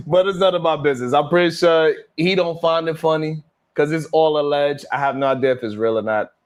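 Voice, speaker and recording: This livestream host is a man who rambles, laughs, and swears a lot while reading names from the chat. His voice is slightly higher than the typical male voice.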